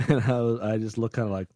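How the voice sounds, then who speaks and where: A man's voice: medium pitch, dark tone. A man playing a tabletop role-playing game, amused and teasing. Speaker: player. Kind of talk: tabletop role-play chat.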